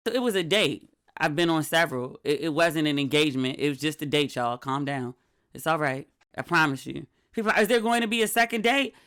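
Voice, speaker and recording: A woman's voice: low-pitched, brisk. Middle-aged woman, podcast host, casual solo chat, frank and chatty, mimics friends when quoting them. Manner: chatty, candid, acts out quoted friends in animated voices.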